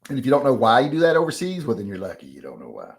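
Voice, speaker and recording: A man's voice: medium pitch, wildly swooping pitch, very fast, gravelly. A man with a Southern American accent hosting a casual podcast, reading out viewer comments and answering them in a blunt, rambling, folksy way. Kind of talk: casual solo podcast chat.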